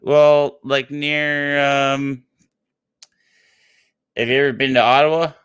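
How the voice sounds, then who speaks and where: A man's voice: medium pitch, level tone, slow, fairly bright tone, clean tone, no room sound. A man chatting as a guest co-host, talking in a laid-back, easygoing way and laughing often. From Canada. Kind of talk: casual chat.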